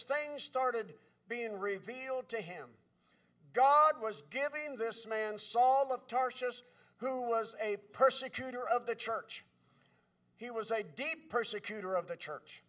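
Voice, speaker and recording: A male preacher telling sermon stories in a halting way, with many pauses and restarts, his voice swinging between soft and loud. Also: high-pitched, animated. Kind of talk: sermon storytelling. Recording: distant from the mic.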